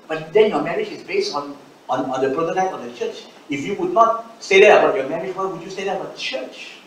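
A man's voice: sits high, sing-song, a little fast, slight background noise. Blunt male pastor in an echoing hall. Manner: blunt, teasing, laughs often. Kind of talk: sermon. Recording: echoey hall, mic at a distance.

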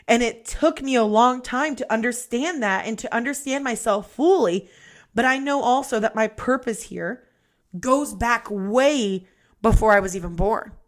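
A woman hosting a podcast, giving a blunt, emphatic motivational monologue and swearing freely. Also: on the high side. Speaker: podcast host.

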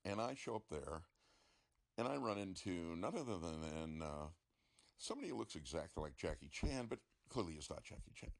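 A middle-aged man tells a story in a casual, dry, sarcastic way. His voice sits very low with a gravelly edge. His pitch still swings widely as he talks. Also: sing-song, moderate pace.

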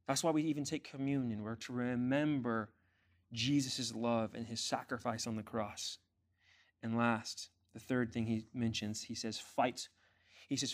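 A man's voice: mid-range voice, steady tone, unhurried. Emphatic male pastor preaching. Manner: emphatic, rising to forceful climaxes; asks the congregation rhetorical questions. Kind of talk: sermon.

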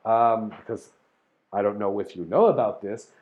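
A man hosting a casual explanatory monologue, rambling through ideas, spelling out words and filling pauses with ums and restarts. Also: lowish voice, phone-quality sound. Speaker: host explaining topics to listeners.

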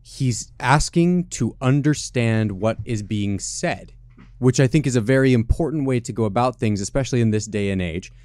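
A man's voice: medium pitch, a little mellow, no room sound. A man co-hosting a casual podcast, explaining his view carefully and checking with the others. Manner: measured, explains carefully with many "right?" checks. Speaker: podcast co-host. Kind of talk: casual chat.

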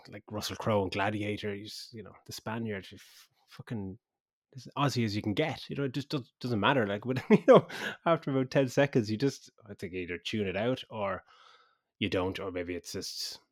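A man's voice: on the low side, fairly quick, no room sound, clean studio sound. A man hosting a podcast, chatting casually, laughing often and swearing easily. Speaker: podcast host. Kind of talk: casual chat.

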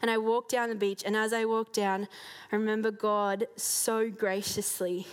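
A woman giving a heartfelt personal faith testimony to a church gathering, earnest and sincere, with soft laughs now and then. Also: mid-range voice, level tone, moderate pace, clean tone.

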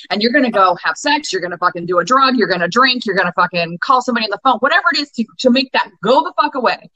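A woman in her forties speaks with a bright, forceful voice. She is emphatic and swears freely as she coaches. The recording is dry, with no room sound. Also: mid-range voice, animated, racing, few pauses, no echo, low-quality recording. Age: 40s. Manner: emphatic, profane, passionate. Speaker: guest, anger-work coach. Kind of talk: podcast interview.

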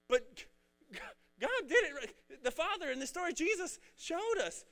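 High, bright-voiced preacher. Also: male voice, normal speed, gravelly. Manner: energetic, rambling, conversational. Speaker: pastor. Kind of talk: casual sermon.

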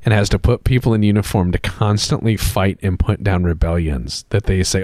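A man hosting a casual podcast chat with friends, talking like an animated storyteller. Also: normal speed, no echo, studio quality. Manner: animated storyteller with lively swings of pitch.

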